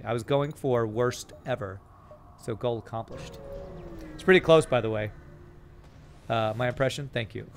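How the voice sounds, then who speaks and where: A man with a medium-pitched voice streams a strategy game live, casually talking through his moves while reading out and answering viewer chat. There is slight background noise.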